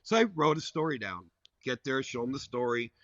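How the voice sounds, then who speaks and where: A man's voice: mid-range voice, fairly quick, dry recording. A man, a podcast guest, telling a story in a casual, rambling way with lots of "like" fillers. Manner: rambling and animated, full of "like" fillers. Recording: dull, dry lo-fi recording.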